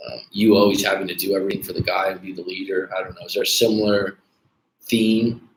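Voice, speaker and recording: A man's voice: sits low, flat delivery, quick pace. A man hosting a dating coaching livestream, chatting casually and bluntly with viewers, swearing freely and calling them dude. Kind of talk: casual livestream chat reading viewer comments. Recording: echoey room with faint background noise.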